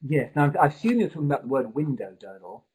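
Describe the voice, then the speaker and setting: A man's voice: medium pitch, sing-song, fast, darkish tone, breathy edge, low-quality recording. Man explaining pronunciation on a web call. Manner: explanatory, thinking aloud with restarts. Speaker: pronunciation course tutor. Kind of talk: live online seminar talk.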